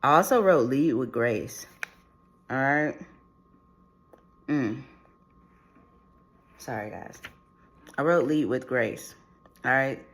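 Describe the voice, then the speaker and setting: A man's voice: medium pitch, slow pace, long pauses, a bit bright. A man giving a channeled spiritual reading to his viewers, talking in a loose, rambling way that keeps restarting and repeating itself. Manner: rambling, repetitive, full of restarts and fillers. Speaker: spiritual reader.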